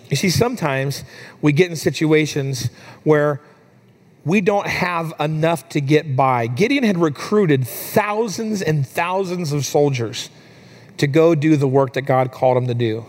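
Conversational man preaching a sermon. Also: measured pace. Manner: conversational storytelling with fillers, rising higher and softer in emotional moments. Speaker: pastor.

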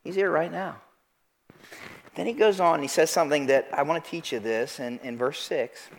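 Pastor, male, high-pitched, animated sermon delivery that calls out questions to the congregation. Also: moderate pace. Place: church sanctuary.

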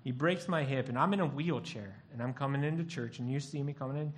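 A man's voice: mid-range voice, fast talker, hardly any pauses. A male pastor giving a sermon, telling stories and acting out the voices of the people in them. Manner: animated storytelling, acts out voices.

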